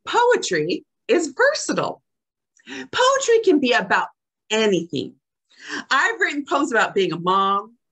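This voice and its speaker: An older woman delivers a prepared speech at an unhurried pace. Her pitch swings widely as she recites her own poems, jumping high to act out quoted lines. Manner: expressive, acts out quoted lines with big pitch jumps. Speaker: club speaker.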